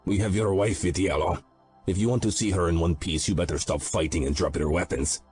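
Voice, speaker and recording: A man's voice: sits low, fairly even intonation, brisk, a little mellow, slightly rough, faint music behind, pitched above the performer's own voice. A man voicing a menacing, taunting male Russian mob underboss with a Russian accent in an audiobook. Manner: sneering, threatening. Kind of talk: audiobook character voice.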